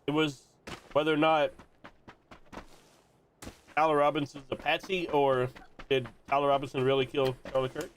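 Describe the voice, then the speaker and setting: A man's voice: fairly high pitch, flat delivery, normal speed, long pauses, a little hiss or hum. Opinionated man ranting on a gaming stream. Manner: opinionated, rambling with restarts. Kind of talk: casual gaming stream chat.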